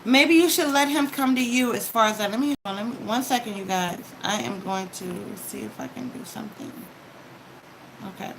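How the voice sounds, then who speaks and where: A woman's voice: on the high side, fairly bright tone, slight background noise, low-quality recording. A woman giving a casual tarot reading, talking straight to the viewer with advice and frequent "okay?" check-ins. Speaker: tarot card reader.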